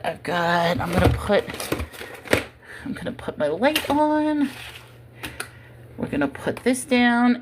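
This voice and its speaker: Woman, casual livestream host, rambling chatty talk, phone mic at home, faint background hiss. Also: medium pitch. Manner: rambling, chatty, talks to viewers and her cat. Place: her home.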